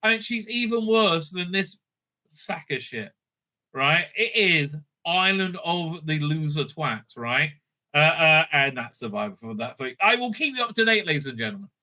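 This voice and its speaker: Aussie guy ranting thru a show recap, crude and mocking, lots of uhs, kinda high bright voice. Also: lively intonation, measured pace. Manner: crude, mocking, rambling with many fillers. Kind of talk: casual recap commentary. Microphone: streaming setup mic.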